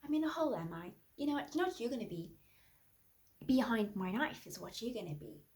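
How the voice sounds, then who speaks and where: Woman playing a brash, rambling woman author with a shady past, slightly high voice, deadpan delivery, improv comedy. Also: a little fast. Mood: threatening.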